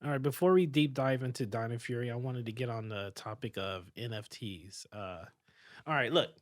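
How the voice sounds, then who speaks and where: A young man hosting a casual podcast chat, animated and swearing freely, often stumbling and restarting his words. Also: medium pitch, normal speed. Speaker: podcast host.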